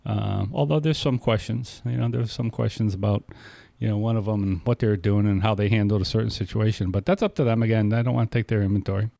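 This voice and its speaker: Low-pitched, warm and a bit creaky, this man speaks fast in a steady tone as he co-hosts a casual podcast on sobriety. His talk wanders in long runs, full of restarts and recounted dialogue. No echo is present.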